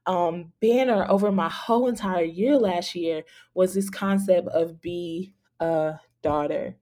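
Young female podcast host, casual faith storytelling, heartfelt and filler-heavy, mellow voice. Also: lowish voice. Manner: earnest, many fillers like "like" and "y'all".

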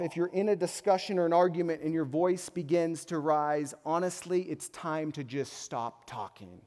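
A young adult man preaching a sermon as a pastor, passionate, swinging between loud bursts and quiet reflective moments. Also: fairly high pitch, normal speed, few pauses. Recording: long hall reverb.

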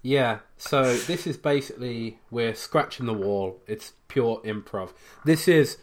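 A man's voice: mid-range voice, unhurried. A man co-hosting a podcast, telling stories in casual chat with lots of fillers and restarts. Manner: rambling storyteller, many fillers and restarts. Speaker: podcast co-host.

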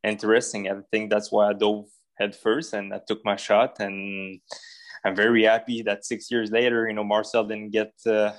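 A man's voice: fairly low pitch, level tone, normal speed. A man in his thirties from Ottawa with a French accent, a pro football executive talking casually as a guest in an interview and leaning on lots of fillers. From Ottawa, Canada. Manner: easygoing, many fillers and restarts.

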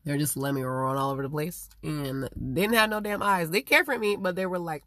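A woman in a rambling, profane casual monologue, swinging between loud emphatic outbursts and low muttering. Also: brisk, hardly any pauses.

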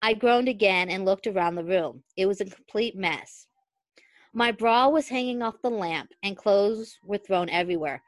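A woman podcast host reads fan fiction aloud with an expressive, medium-pitched voice, often breaking into laughter. There's no room sound on the recording.

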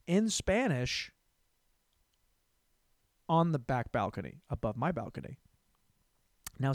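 Crude, rambling young comedian. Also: male voice, mid-range voice, vocal fry, no room sound, studio quality. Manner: crude, rambling, repeats words for laughs.

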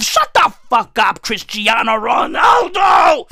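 Young South African woman, shouty profane comic rant, high voice leaping all over, slow and dry. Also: very animated, dry recording, a faint crowd. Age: young adult. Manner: loud, profane, emphatic, often shouting. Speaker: comedian. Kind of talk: comedic rant.

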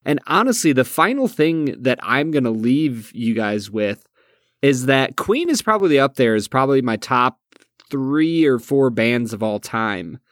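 A man's voice: mid-range voice, very animated, unhurried, fairly bright tone, no echo, clean studio sound. A man co-hosting a podcast, chatting casually with joking, hesitant restarts. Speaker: podcast co-host.

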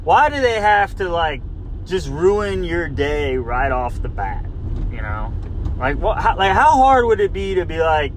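A man's voice: on the high side, sing-song, a little slow, a little hiss or hum. A man hosting his own podcast, talking in a casual, comedic rant full of "like" and restarts while riding in a car. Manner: rambling, exasperated, repeats "like". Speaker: podcast host.

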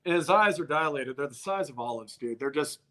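A man from Albuquerque, New Mexico tells a personal story in casual conversation, bluntly and profanely, often acting out what people said. His voice is a little high, animated and fairly bright, at a brisk pace.

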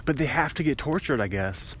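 Walking outdoors by a road with his phone held to his ear, a young podcast host rambles through a solo episode, self-interrupting and laughing at his own meandering tangents. His mid-range voice is expressive, fairly quick and fairly bright, with a little hiss or hum.

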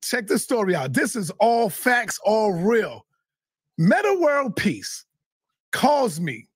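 A man telling a heated, profane story in casual talk, often shouting. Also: sits high, big pitch swings, slow, breathy edge, no echo, clean studio sound. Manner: swears a lot, heated. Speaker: guest. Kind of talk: animated storytelling.

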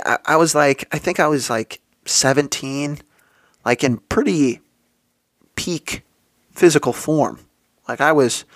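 A young man tells a rambling story on his solo podcast in a casual, swearing way, with plenty of fillers and acted-out quotes. His voice sits at an ordinary middle pitch. The recording is dry, with no room sound. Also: fairly bright tone, no echo. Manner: casual and profane, with many fillers and quoted asides. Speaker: podcast host.

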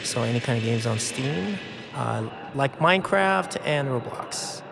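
A camp leader joins a casual podcast, talking in a gravelly voice with a jokey radio-announcer delivery. Music plays clearly behind him. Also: male voice, medium pitch, expressive, measured pace, big-room sound. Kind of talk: casual chat.

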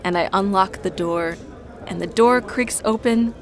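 A woman narrating her own moves in an improvised role-play, in a brisk storytelling manner. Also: medium pitch, a faint crowd. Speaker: player narrating her actions.

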